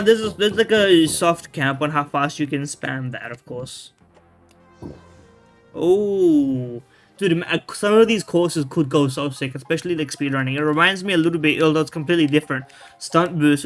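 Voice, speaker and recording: A man's voice: a little high, a bit bright. A man giving casual gameplay commentary, rambling and restarting his sentences, with loose slang and the odd swear word. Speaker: video game streamer. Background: faint game music.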